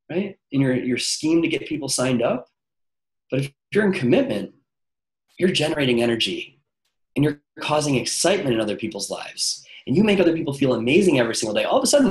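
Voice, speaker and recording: A man giving a motivational talk to a live audience, animated, often asking the room "right?". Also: a little high. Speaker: motivational speaker. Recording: echoey room.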